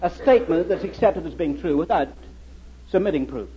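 A man's voice: a little high, lively intonation, a little fast. Middle-aged man lecturing on a dull old recording. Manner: storytelling with rhetorical questions. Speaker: lecturer and historian. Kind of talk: public lecture to an audience.

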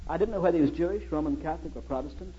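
A man's voice: a little high, rapid-fire, dark tone, a little hiss or hum. A middle-aged man giving a public lecture as a historian, telling stories and asking his audience rhetorical questions. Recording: dull lo-fi old recording.

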